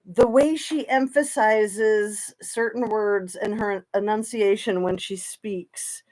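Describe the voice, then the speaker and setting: A woman's voice: medium pitch, fairly even intonation, slow, a little mellow. Chatty rambling woman livestreamer. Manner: chatty, rambling, sarcastic asides. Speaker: true crime livestream host. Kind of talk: casual livestream chat.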